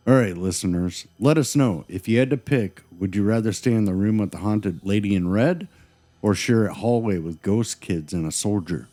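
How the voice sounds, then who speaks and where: A man with a very deep, mellow voice co-hosts a scripted paranormal podcast. He tells ghost stories with dramatic pauses and a playful, teasing edge. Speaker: podcast co-host.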